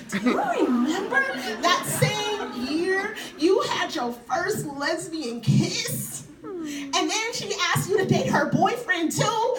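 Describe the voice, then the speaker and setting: A woman's voice: very high-pitched, animated, slow pace, over a noisy crowd. A woman giving a live spoken-word performance to an audience in a university hall, tender and playful, often laughing. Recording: echoey hall, mic far off.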